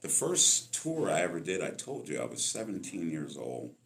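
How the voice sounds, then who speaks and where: Deep gravelly older man telling stories. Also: moderate pace. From Los Angeles, California. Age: 60s. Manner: animated storyteller, acts out voices in his anecdotes. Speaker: guest musician. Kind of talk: storytelling interview.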